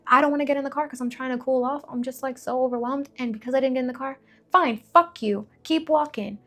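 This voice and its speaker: A woman in her twenties opens up on camera about her past in a personal testimony vlog. She talks frankly and emotionally, circling back with repeated phrases and quick asides. Her voice sits somewhat high. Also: flat delivery. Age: 20s. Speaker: vlogger sharing a testimony.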